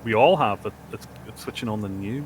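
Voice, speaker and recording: A man's voice: fairly low pitch, a little hiss or hum. A man with an Irish accent, a player telling dry jokes at the table. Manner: dry, joking, quick storytelling. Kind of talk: casual chat at a game table.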